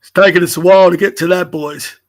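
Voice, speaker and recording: A youth basketball coach reviews game footage late at night, tired and yawning. His voice is high and steady and he talks fast, giving direct corrections and encouragement while naming his players in casual commentary.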